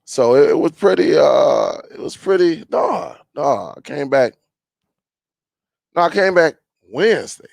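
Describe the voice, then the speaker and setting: Creaky-voiced man hosting a casual live chat. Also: fairly high pitch, a little slow, no room sound. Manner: relaxed, greets viewers and reads chat aloud; rambling with many fillers. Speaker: live stream host.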